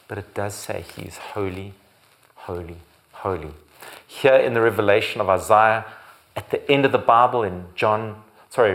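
A man preaching a sermon as pastor, building to loud, emphatic repeated phrases and sometimes correcting himself. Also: fairly low pitch. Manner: occasional restarts and self-corrections.

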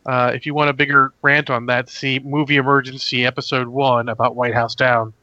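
A man's voice: medium pitch, flat delivery, fairly quick, sharp tone, no room sound, lo-fi sound. A man hosting a casual movie review chat, talking in a rambling, opinionated way. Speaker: movie review podcast host.

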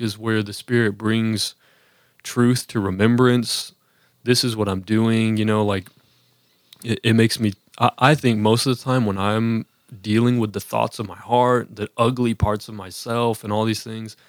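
A man's voice: on the low side, no echo, clean studio sound. A man in casual conversation on a podcast, talking earnestly about faith with lots of fillers and restarts. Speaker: podcast co-host.

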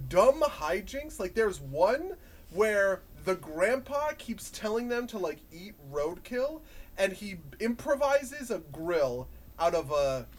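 A man in casual podcast chat, rambling and animated, laughing often and swearing. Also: sits high. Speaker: podcast co-host.

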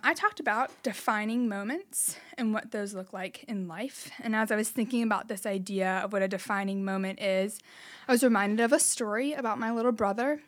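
A woman's voice: on the high side, a bit bright. Young woman guest chatting casually, telling a story, says like a lot. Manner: chatty, with lots of "like" fillers. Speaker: podcast guest.

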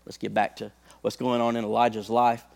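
A man's voice: medium pitch, little pitch movement, fairly quick, gravelly, darkish tone. A male preacher delivering a sermon, talking conversationally to the congregation and building to impassioned peaks.

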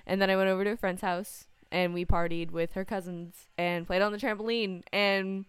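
A woman's voice: medium pitch, steady tone, moderate pace, clean tone, dry recording. A young woman chatting casually, telling rambling stories with lots of fillers and giggles. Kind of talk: casual chat.

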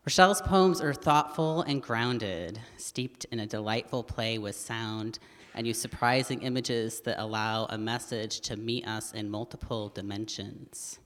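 A man's voice: on the low side, a little slow, a bit bright. Man giving a formal stage introduction. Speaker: writing teacher introducing a student. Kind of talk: scripted introduction at a public reading. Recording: long hall reverb.

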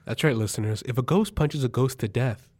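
A man's voice: mid-range voice, brisk, darkish tone. A man at a tabletop game making joking side comments. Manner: joking asides. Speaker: player.

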